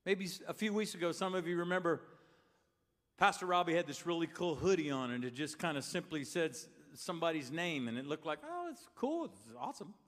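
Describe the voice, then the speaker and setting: Speaking a little fast in a voice on the high side and a bit bright, an older pastor delivers a storytelling sermon and asks the congregation questions. The recording carries the long reverb of the large sanctuary.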